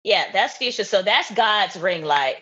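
A young woman chatting casually as an interview guest, laughing often and talking in an animated way. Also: medium pitch, a little slow, husky, muffled recording. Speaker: guest, content creator.

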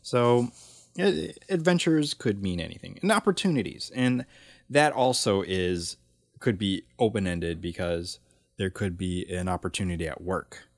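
A man's voice: low voice, measured pace, no echo, clean studio sound. A man hosting his own podcast, talking casually and rambling with lots of fillers and restarts. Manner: rambling and chatty, with many fillers and self-corrections. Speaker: podcast host. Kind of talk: casual solo podcast chat.

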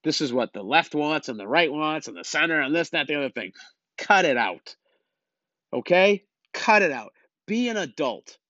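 A man rants bluntly at his listeners, exasperated and lecturing. His voice sits a bit high for a man. The recording is dry and a touch muffled. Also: sing-song, moderate pace, bright, forceful tone, no echo. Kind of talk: opinion rant.

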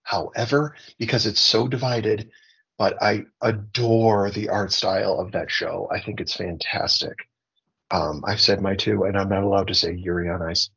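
Husky low-voiced man rambling. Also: fairly even intonation, moderate pace, a bit bright. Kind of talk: casual group chat. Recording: dull lo-fi sound.

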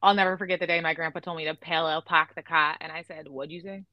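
A woman from Illinois hosting a casual podcast chat, chatty and quick to laugh, with lots of fillers. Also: sits low, steady tone, no echo, lo-fi sound. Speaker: podcast host.

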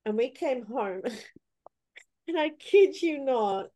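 A woman hosting a casual podcast chat, telling stories and acting out her own reactions. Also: very slow. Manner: animated, acts out her own past reactions with sudden high cries. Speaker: podcast host.

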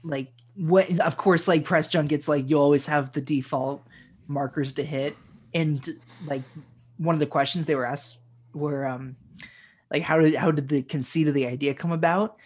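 Husky man chatting haltingly about movies. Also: a little high, steady tone. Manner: halting, many fillers and restarts. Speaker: podcast co-host. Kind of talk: casual film discussion.

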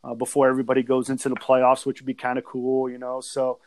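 A man talking sports in a relaxed podcast chat, circling his points with plenty of "uh"s and "you know"s. His voice sits at an ordinary middle pitch. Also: quick pace, no room sound, low-quality recording. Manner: rambling, with many fillers and restarts.

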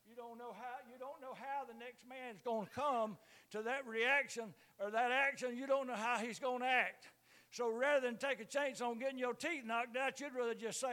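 An older man preaches in a church, his voice sitting very high for a man. He drops to low murmurs, then rises into loud, fervent calls to the congregation. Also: fairly even intonation, moderate pace. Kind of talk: sermon.

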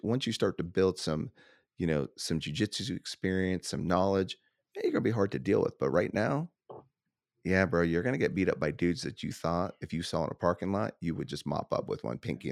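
A man's voice: low voice, gravelly, dry recording, clean studio sound. A man hosting a podcast in a laid-back, casual way, peppering his talk with slang like "man" and "dude". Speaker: podcast host, gym owner. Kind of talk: casual interview chat.

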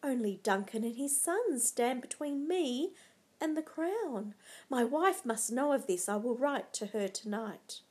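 A woman's voice: on the high side, animated, measured pace, darkish tone, husky. Woman reading as a brooding, ambitious nobleman. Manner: brooding and resistant. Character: torn, ambitious male nobleman, wavering.

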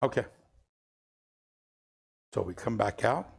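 An older male preacher with a heavily gravelly, husky voice. He talks slowly, telling a personal story in a sermon before building to earnest pleading. His delivery drops soft for quoted lines and swells when he exhorts. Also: fairly low pitch, expressive. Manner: storytelling, voices quotes softly, rising to impassioned pleas.

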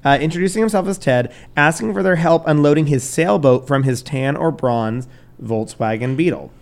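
A man's voice: on the high side, moderate pace. A man hosting a podcast, telling a crime story in loose, casual chat, swearing, laughing and tripping over names. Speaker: podcast host.

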